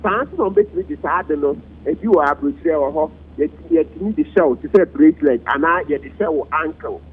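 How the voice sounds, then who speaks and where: A man with a Ghanaian accent, speaking as a commentator in a heated radio talk discussion, switching between languages with wide swings in pitch. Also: fast, slightly rough. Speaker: political commentator. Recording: lo-fi radio broadcast.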